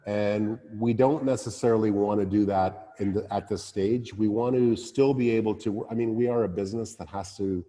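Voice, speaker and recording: A man's voice: on the low side, steady tone, moderate pace, few pauses, mellow, long reverb tail. A man, a winemaker, speaking casually at a wine tasting, with many fillers and restarts. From Canada.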